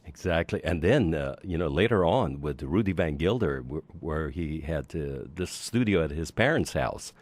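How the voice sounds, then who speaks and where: Deep-voiced male radio host, dry sound. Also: animated, normal speed, few pauses, no room sound. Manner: brief agreeing replies, hesitant questions. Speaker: radio jazz show host. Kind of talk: radio interview. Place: radio studio.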